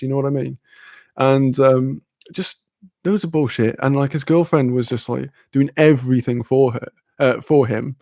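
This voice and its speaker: A young man telling a story on stream, rambling loosely with plenty of fillers and swearing. His voice has a gravelly edge and sits at an ordinary middle pitch. The room sounds close and dry. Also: fairly even intonation, normal speed, a little mellow, no room sound. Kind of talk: casual storytelling.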